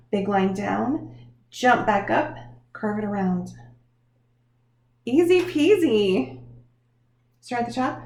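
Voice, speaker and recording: A woman teaching young children in a lively, sing-song manner, encouraging them and talking straight to them. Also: mid-range voice, reverberant. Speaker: preschool teacher. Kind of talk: children's lesson.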